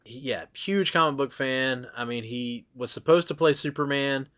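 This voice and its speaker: A man's voice: mid-range voice, moderate pace, fairly bright tone. A man hosting a casual movie podcast, chatting and sharing comic book trivia. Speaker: podcast host.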